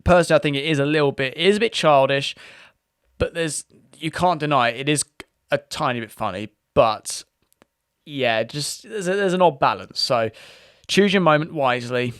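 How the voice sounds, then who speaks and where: A man's voice: fairly high pitch, normal speed, a bit bright, clear, resonant tone, dry recording, clean studio sound. A British man hosting a casual online video, talking in a chatty, rambling way with frequent restarts. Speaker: YouTube host. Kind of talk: casual commentary.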